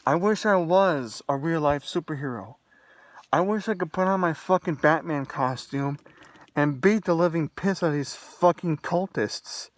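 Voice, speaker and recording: Young male vlogger, heated profane rant, voice on the high side, dry close sound. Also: a little slow, no room sound. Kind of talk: angry solo rant to camera.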